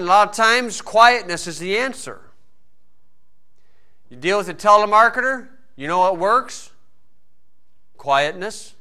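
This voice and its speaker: A man preaching a sermon in a folksy storytelling way, swinging between loud emphasis and quiet asides. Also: high voice, smooth.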